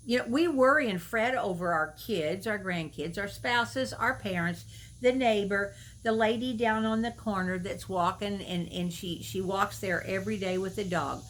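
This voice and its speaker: A middle-aged woman delivers a devotional message straight to the viewer. She talks in a folksy, storytelling way and keeps asking the listener pointed questions. Her voice sits at an ordinary middle pitch, with a faint hiss in the background. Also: a bit bright, poor audio. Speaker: Christian video minister. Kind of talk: devotional talk to camera.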